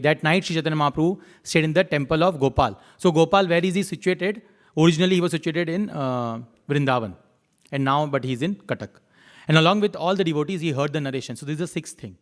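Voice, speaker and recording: A man giving a devotional temple class, chanting verses and telling stories in an unhurried way, repeating his key lines. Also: a little high.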